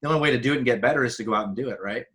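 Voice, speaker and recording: Guest voice, man from Arizona, earnest explainer, bright and forward tone. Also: mid-range voice, racing. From Arizona, United States. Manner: earnest, explanatory, speeds up when making a point. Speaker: podcast guest. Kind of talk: casual conversational interview.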